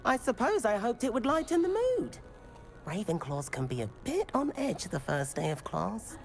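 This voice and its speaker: A woman's voice: mid-range voice, very animated, normal speed, creaky. A woman doing a cheeky game student who pulls pranks, with a voice that swings widely up and down as he teases. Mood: breezy. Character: mischievous prankster male student.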